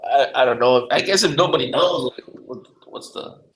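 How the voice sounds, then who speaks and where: A man's voice: medium pitch, normal speed. Rambling man in a noisy, echoey room. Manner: unsure, rambling. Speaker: podcast guest. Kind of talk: casual chat.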